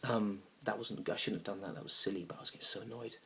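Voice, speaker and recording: A young man telling a comic story about a bad date, awkward and rambling, now and then bursting into loud indignant rants. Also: fairly low pitch, steady tone, quick pace, slight background noise. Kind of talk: deadpan comic monologue.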